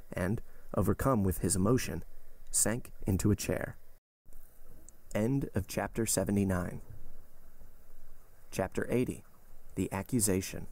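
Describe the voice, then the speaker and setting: A man narrating a classic novel aloud in a steady, measured audiobook style. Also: lowish voice, gravelly, dry recording. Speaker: podcast host reading a novel aloud.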